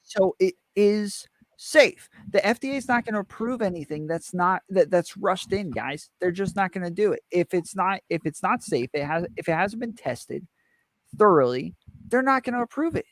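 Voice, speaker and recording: A man's voice: sits high, lively intonation, normal speed, dry recording. A man co-hosting a casual podcast, speaking with confident, teasing assurance. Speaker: podcast co-host. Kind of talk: casual chat.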